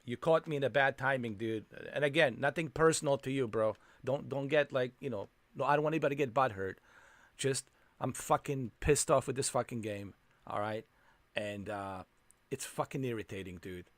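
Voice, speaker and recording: A man's voice: medium pitch, moderate pace, dry recording. A man live-streaming a flight game, fuming and ranting with constant swearing at the game.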